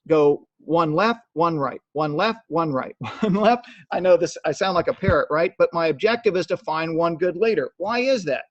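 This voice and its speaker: A man's voice: high voice, no echo. A man giving a live sales training talk, emphatic and repetitive, often checking in with "okay?". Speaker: network marketing trainer. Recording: dull lo-fi dry sound.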